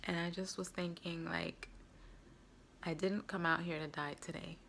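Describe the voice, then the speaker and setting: Woman, vlogger, personal storytelling, earnest, lots of fillers, deep voice, slight vocal fry. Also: fairly even intonation, measured pace, fairly bright tone, a little hiss or hum. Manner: earnest, recounting with frequent "like" fillers.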